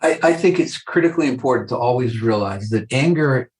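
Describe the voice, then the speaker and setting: A man's voice: medium pitch, expressive, fairly quick, darkish tone, reverberant, poor audio. Older man, earnest psychologist on a podcast. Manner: earnest, acts out dialogue from patients. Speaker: clinical psychologist guest. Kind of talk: podcast interview talk.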